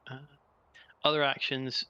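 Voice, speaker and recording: A man playing a tabletop role-playing game, thinking aloud in a chatty, hesitant way. His voice is very bright and sharp at middle pitch, recorded dry and close. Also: little pitch movement, measured pace, clear, resonant tone, no room sound, highs cut off. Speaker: player. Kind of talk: casual tabletop play.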